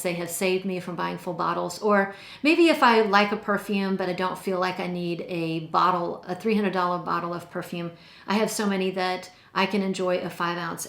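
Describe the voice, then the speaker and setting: A woman's voice: fairly low pitch, gravelly, a bit bright. A woman casually reviewing perfumes in a chatty, enthusiastic way, stretching out her descriptive words. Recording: roomy echo.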